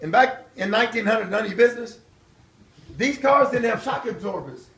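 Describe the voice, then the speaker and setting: Older male guest speaker, very high voice, lively storyteller, miked from far off in a reverberant hall. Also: fairly quick, background noise. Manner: animated storyteller, acting out voices and shouts. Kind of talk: storytelling testimony at a church event. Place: church hall.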